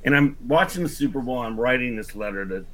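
A man's voice: medium pitch, expressive, quick pace, a bit bright. Rambling man telling a story. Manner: rambling, full of "like" and restarts, acts out quotes. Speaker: podcast guest storyteller. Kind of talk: casual storytelling chat.

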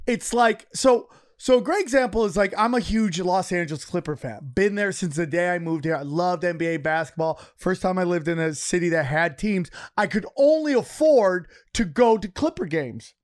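A man, a comedian, telling animated stories in casual podcast chat, swearing and laughing often. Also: high-pitched, normal speed, hardly any pauses.

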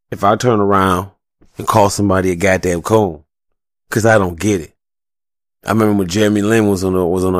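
A solo commentator with a fairly low voice rants casually and heatedly into a studio mic fitted with a pop filter, with no room sound. Agitated and worked up, he swears and rambles.

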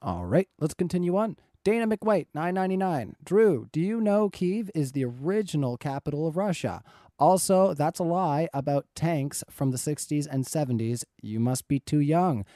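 A man moderates a live online debate, reading paid viewer messages aloud and warning the guests to stay respectful. His voice is mellow and warm, and the sound is dry and close. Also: on the high side, animated, normal speed, no room sound.

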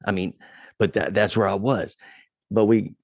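A man's voice: on the low side, normal speed, vocal fry, dry recording, clean studio sound. A man telling a profane story in casual podcast chat, his voice climbing when he gets angry. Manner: profane, animated retelling, voice rising when angry. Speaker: podcast guest.

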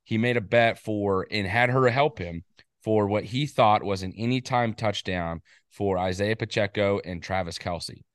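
A man with a slightly low voice talks football on a casual podcast. He rambles and gets excited, stacking up quick asides. The sound is dry and close. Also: no echo. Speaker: podcast co-host. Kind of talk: casual sports chat.

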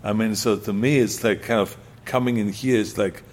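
A man's voice: fairly low pitch, fairly even intonation, normal speed, a little mellow. An older man with an Austrian accent, a guest telling his story in casual talk, emphatic and repeating key phrases for punch.

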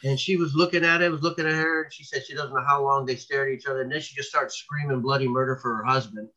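A man's voice: medium pitch, fairly even intonation, fast, bright, forceful tone, lo-fi sound. A man being interviewed as a researcher, telling long stories in a rambling way, with many restarts and fillers. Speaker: cryptid researcher guest. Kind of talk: casual interview talk.

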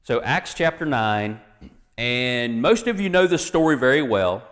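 A man's voice: medium pitch, big pitch swings, unhurried, a bit bright, long reverb tail. A man preaching a sermon as pastor, reading scripture with folksy asides and jokes to the congregation.

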